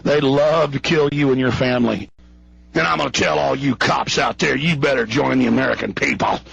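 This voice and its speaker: A man hosting a radio show, ranting angrily in a growl that builds to shouts. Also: medium pitch, fairly quick, creaky, low-quality recording. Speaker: radio talk show host. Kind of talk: angry on-air rant.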